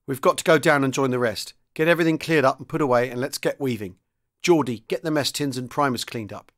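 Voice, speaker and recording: A man's voice: mid-range voice, quick pace, a bit bright, close to an everyday voice. A man reading the lines of a nervous young British tank commander who tries to sound stern. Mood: trying stern.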